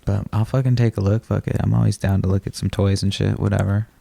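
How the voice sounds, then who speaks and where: A man's voice: fairly low pitch, little pitch movement, quick pace, gravelly, dark tone, no echo. A young man co-hosting a podcast, chatting casually and swearing freely while smoking. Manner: laid-back, swears a lot. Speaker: podcast co-host.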